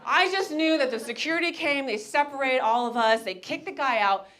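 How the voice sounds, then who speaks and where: A woman in her thirties performing a stand-up comedy set, telling a story with lively acted-out voices. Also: high-pitched, a little fast, heavy background noise. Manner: animated storytelling, acts out characters.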